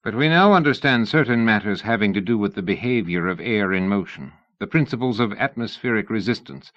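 An audiobook reader, a man, voicing a brisk, matter-of-fact male engineer in a dull lo-fi recording. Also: on the low side, animated, dry recording, natural voice. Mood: earnest.

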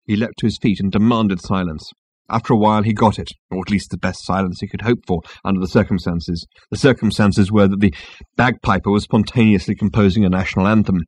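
A man's voice: fairly low pitch, brisk, breathy edge. A man narrating an audiobook expressively and voicing the characters. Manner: lively, voices characters.

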